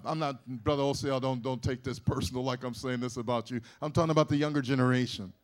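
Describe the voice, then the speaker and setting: A man's voice: mid-range voice, lively intonation, a little fast. A man preaching a sermon in a folksy, conversational way, often restarting his sentences and adding asides. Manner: folksy, with colloquial grammar. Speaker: pastor.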